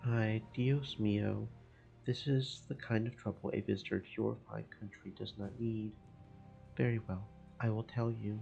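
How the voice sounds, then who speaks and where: A man's voice: fairly low pitch, steady tone, moderate pace, vocal fry, mellow, muffled recording. A man voicing a proud, amorous Spanish fishmonger in a theatrical put-on Spanish accent, over game music. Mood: lovesick. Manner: theatrical, lovesick.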